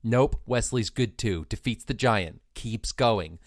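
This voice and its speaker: A man co-hosting a podcast, retelling a film's plot in a playful, lively casual chat. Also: on the low side, no echo, studio quality. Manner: lively, playful, slips into quick character voices. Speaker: podcast co-host.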